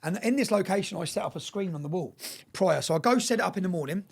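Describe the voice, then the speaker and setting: Man, rapid speech, rough husky voice, swears, repeats himself, interview storytelling. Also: high-pitched, expressive. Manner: fast, swearing, repeats words and keeps asking "yeah?". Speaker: interview guest.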